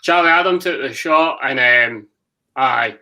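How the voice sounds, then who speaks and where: A man's voice: mid-range voice, a little slow, sharp tone, distant mic, low-quality recording. A man, a guest on a football stream, trading teasing banter in casual chat.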